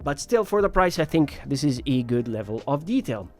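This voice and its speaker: A man's voice: mid-range voice, sing-song, normal speed, soft background music. A man giving a casual, personal review of earphones, talking in a chatty way with many fillers. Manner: chatty, personal, frequent "you know" and "like". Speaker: audio reviewer.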